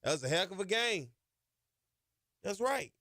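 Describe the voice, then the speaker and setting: A man's voice: high-pitched, sing-song, unhurried, sharp tone, no room sound, clean studio sound. A man hosting a sports podcast, talking emphatically and colloquially with lots of "y'all" and "ain't.". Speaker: podcast host. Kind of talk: impassioned sports podcast monologue.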